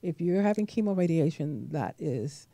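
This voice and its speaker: A woman talk show host and nurse practitioner, affirming her guest and telling patient stories gently. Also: low voice, lively intonation, normal speed, no room sound. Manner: affirming, frequent mm-hmms, gentle storytelling. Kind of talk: supportive interview talk.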